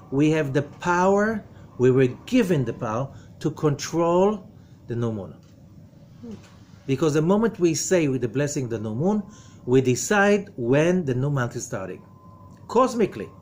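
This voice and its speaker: Emphatic rabbi lecturing, slightly high voice. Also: male voice, a little hiss or hum. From from outside America. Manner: emphatic, full of rhetorical questions; drops to a low, quiet voice for warnings. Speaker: rabbi teaching Kabbalah. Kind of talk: lecture to a study group.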